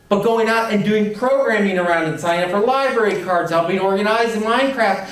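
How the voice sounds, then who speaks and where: A man gives an animated keynote at a conference, playful and emphatic, dropping into quoted voices along the way. His voice rides high and sounds distant, caught by a far-off mic in a heavily echoing hall.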